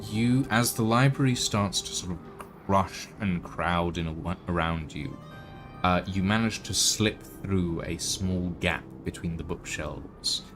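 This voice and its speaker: A man narrating as game master in a tabletop game, with halting, filler-heavy delivery. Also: low voice.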